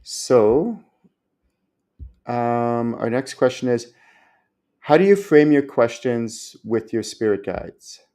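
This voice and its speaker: A man of middle pitch talks to his viewers as host of his own show. He answers their spiritual questions loosely and with rising excitement, leaning on fillers like um and like. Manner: animated, chatty, many fillers. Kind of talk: casual Q&A talk.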